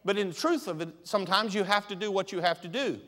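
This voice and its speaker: Pastor, male, high voice; sermon delivery, shifts from quiet asides to emphatic preaching; long church echo. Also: fast talker. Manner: swings from soft conversational asides to loud emphatic preaching. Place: large church sanctuary.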